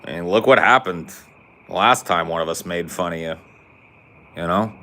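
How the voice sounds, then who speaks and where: A man's voice: low voice, moderate pace, bright, forceful tone. An American man hosting a podcast, ranting comedically in a sarcastic, profane way. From United States. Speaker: podcast host. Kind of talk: comedic rant.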